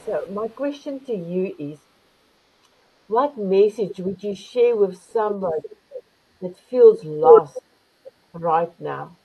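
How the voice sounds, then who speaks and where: A woman's voice: mid-range voice, slightly rough, highs cut off. An older woman hosting an online talk show, effusive and calling her guests beautiful. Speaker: host. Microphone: video call.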